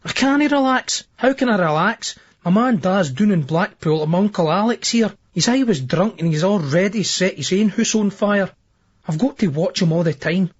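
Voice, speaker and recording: A man's voice: high-pitched, animated, normal speed, slightly rough, lo-fi sound. A man voicing a crying, frightened young Scottish woman in an audiobook reading. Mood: distraught.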